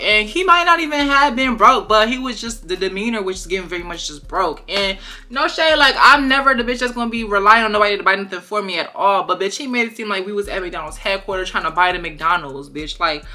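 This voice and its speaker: A young woman, telling a dating story in a casual vlog, profane, sassy and animated. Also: medium pitch.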